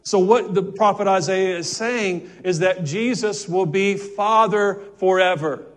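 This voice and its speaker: A male pastor preaching a sermon, fervent and repetitive, with stammered restarts, swinging between loud exclamations and quiet asides. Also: sits high, a little slow.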